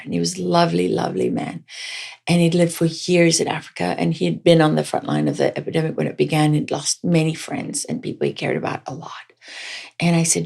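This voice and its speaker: A woman's voice: deep voice, fairly quick, creaky, a little mellow. A woman journalist as an interview guest, telling a story vividly and with animation, restarting her sentences.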